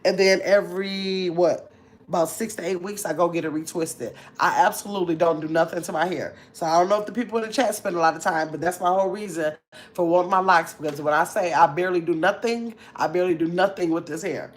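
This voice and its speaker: This is an older woman, hosting a relaxed livestream. Her voice sits somewhat low, and she chats freely, reading viewers' comments aloud and answering them with lively little asides. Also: fast. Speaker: livestream host reading chat. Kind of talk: casual livestream chat.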